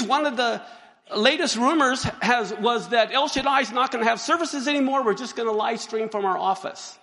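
A man preaching a sermon to his congregation, animated and joking, reading verses and pausing to exclaim. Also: very high-pitched. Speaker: pastor. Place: church sanctuary. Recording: long hall reverb.

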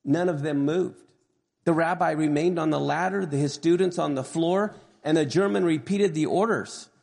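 A man preaching, retelling a story in an earnest, measured manner. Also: on the high side, creaky, a little mellow, long reverb tail. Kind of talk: sermon storytelling.

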